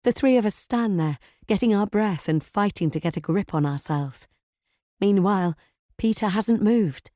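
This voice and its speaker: A woman narrating a thriller audiobook in first person, tense and measured. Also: mid-range voice, mellow, dry recording, clean studio sound.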